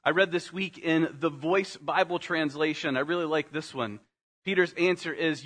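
A male pastor preaching a sermon, earnest, slowing down and dropping to a soft voice on key phrases, calling his listeners "guys". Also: fairly high pitch. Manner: earnest, slows down and drops softly on key phrases; addresses congregation as "guys".

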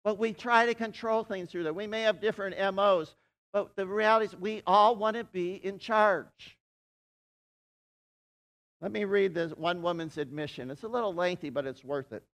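A man's voice: sits high, moderate pace, a bit bright. A male pastor preaching a conversational sermon, leading his congregation in call-and-response.

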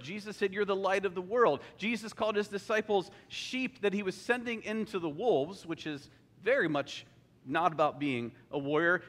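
A man's voice: sits high, fairly bright tone. A man preaching a sermon in an earnest, conversational way. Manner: conversational, earnest, with sung quotes. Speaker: pastor. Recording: long hall reverb.

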